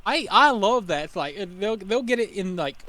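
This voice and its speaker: A man's voice: high voice, expressive, normal speed, bright, forceful tone. A man co-hosting a casual podcast, rambling through annoyed stories about running carnival games. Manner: rambling, repeats himself, annoyed storytelling. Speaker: co-host, carnival game attendant.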